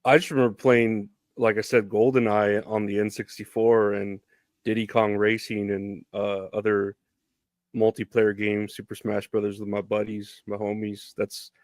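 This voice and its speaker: A man's voice: fairly low pitch, flat delivery, normal speed, no echo. A man in his thirties co-hosting a podcast, casually recapping in a laid-back, loose way. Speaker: podcast co-host.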